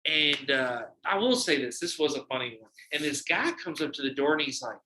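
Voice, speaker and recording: A man swaps stories on a podcast, animated and loose with his swearing, bringing the other people in his tales to life. His voice is bright and forward. The room around him rings with echo. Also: fairly high pitch, fairly quick, a little hiss or hum. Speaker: podcast guest and delivery driver. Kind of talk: casual storytelling. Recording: echoey room.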